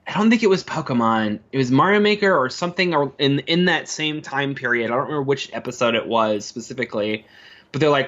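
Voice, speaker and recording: A man as a podcast guest, telling lively stories in casual chat and often laughing. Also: mid-range voice, fast talker, muffled recording. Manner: animated, laughs often, acts out quoted coworkers. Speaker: podcast guest, former video editor.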